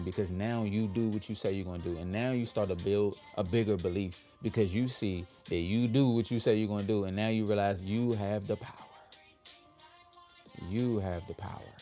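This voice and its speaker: A man with hosts a motivational livestream in a low, mellow voice. He talks in an easy, drawn-out way and keeps getting the audience to repeat affirmations with him. Faint music plays behind him. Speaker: livestream host.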